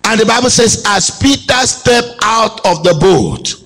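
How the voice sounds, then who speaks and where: A pastor preaching to his church with a very high, bright, ringing voice. He shouts out lines and then drops low, swinging widely as he preaches. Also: expressive, a little slow, soft background music, poor audio. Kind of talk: sermon. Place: church hall.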